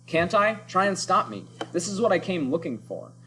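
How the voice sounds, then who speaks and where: A man's voice: medium pitch, expressive, fairly quick, slight background noise, lightly acted, rough recording. A man voicing an earnest young crew member who defiantly stands up to his captain in a story read-aloud.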